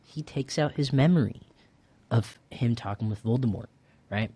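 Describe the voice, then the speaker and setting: A man's voice: medium pitch, normal speed, dark tone, husky, no echo. A young man hosting a casual podcast, recapping a film in a laid-back, rambling way with lots of fillers and slang. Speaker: podcast host. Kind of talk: casual chat.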